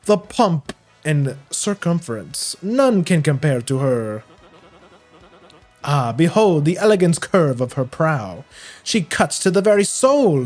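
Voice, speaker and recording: A grandiose, vain merchant adventurer with a put-on Spanish accent, voiced by a man. He swoops up and down in a fairly high, lively voice, boasting dramatically. Faint music plays behind. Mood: boastful. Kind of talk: reading a game's dialogue aloud in character.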